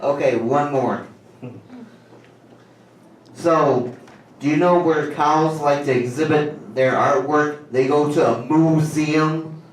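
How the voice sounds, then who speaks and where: A man doing stand-up at an open mic in a small cafe, telling corny one-liners in a casual, halting way. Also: on the high side, slight background noise. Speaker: stand-up comedian. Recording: very echoey room, distant mic.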